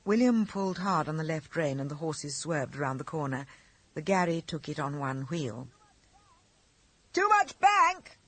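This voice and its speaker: A man narrating an audiobook of short stories with a lively, expressive reading. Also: on the high side, moderate pace. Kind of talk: scripted narration.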